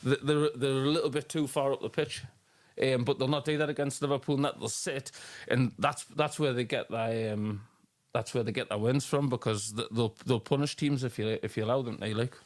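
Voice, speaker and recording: A man gives his view on football tactics in a relaxed podcast chat. He keeps stopping and restarting his sentences with fillers as he goes. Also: medium pitch, brisk. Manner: hesitant, many restarts and fillers. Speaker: podcast co-host.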